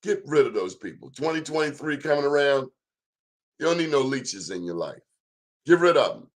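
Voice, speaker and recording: A man hosts his own show and talks straight to the audience. His delivery is emphatic and preachy, full of folksy sayings. His voice sits at an ordinary, middle pitch for a man. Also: expressive, fairly quick. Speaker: show host. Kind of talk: talk show monologue.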